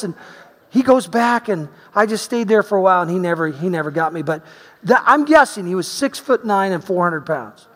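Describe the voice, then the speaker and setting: A male pastor from Oregon telling a personal story in his sermon, animated, swinging between loud emphasis and quiet asides. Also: sits high. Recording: long reverb of a large hall.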